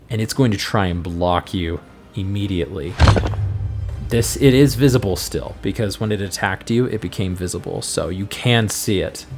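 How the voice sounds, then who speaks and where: A man's voice: deep voice, a little mellow. Man narrating a tabletop game. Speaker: game master and podcast host.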